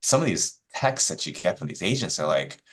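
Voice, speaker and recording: A man, a real estate broker guest on a podcast, telling stories casually with lots of fillers and acting out the people he quotes. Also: slightly rough. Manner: animated, acts out quoted agents with rising pitch; many fillers, quick asides.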